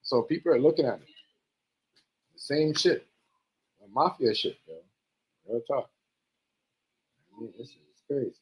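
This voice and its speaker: A man's voice: medium pitch, a little slow, long pauses, a little mellow. A man hosting a livestream, talking current events in casual slang with emphatic repetition. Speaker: livestream host. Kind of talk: casual commentary chat. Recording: dull lo-fi stream audio.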